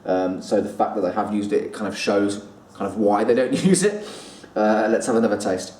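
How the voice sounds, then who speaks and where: Male reviewer, lowish voice, chatty and halting, echoey room, mic a bit far off. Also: darkish tone. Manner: chatty, pausing, repeats words while thinking. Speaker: whisky reviewer. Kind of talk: casual spoken review. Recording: roomy echo, distant mic, faint room noise.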